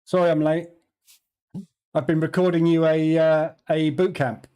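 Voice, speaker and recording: A man's voice: on the high side, level tone, measured pace, dark tone, clear, resonant tone. A man hosting a live trading stream, chatting casually with viewers, greeting them by name and laughing easily, on a studio microphone.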